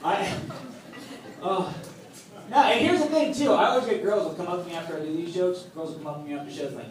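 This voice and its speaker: Exasperated stand-up comedian, echoey club. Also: male voice, on the high side, lively intonation, fast, a crowd in the background. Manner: punchy, exasperated storytelling with loud outbursts. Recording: echoey club room from a distance. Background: audience laughter and club ambience.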